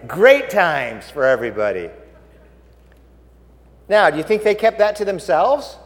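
Pastor, male, lively high voice, dramatic hushed-to-loud delivery, reverberant church hall. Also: unhurried, pauses often. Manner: animated storytelling, swinging from hushed to loud. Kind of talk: sermon.

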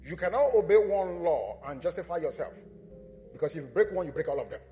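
A man with a notably high voice preaches to his congregation, firing questions at them and answering them himself. His voice rings through a reverberant church hall. Soft instrumental music plays faintly underneath. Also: lively intonation, a little fast. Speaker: pastor. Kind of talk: sermon. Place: church sanctuary.

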